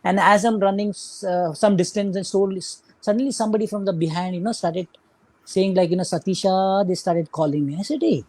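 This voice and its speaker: A man's voice: high voice, steady tone, a little fast, a little mellow, dry recording. A middle-aged Indian man with an Indian English accent, a guest runner telling his story in a casual interview, full of "you know" and "like".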